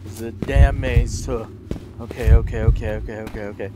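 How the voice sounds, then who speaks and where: A young man playing a horror game, talking to his viewers, swearing and yelling in panic at the monsters. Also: medium pitch, steady tone, brisk, heavy background noise. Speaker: let's play gamer. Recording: loud game music behind. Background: game music.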